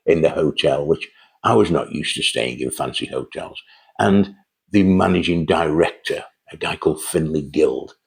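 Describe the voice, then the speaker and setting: An older man with a creaky bass voice tells rambling, chatty stories about his early days in sales at a moderate pace. He's a host spinning sales tales in a casual storytelling monologue.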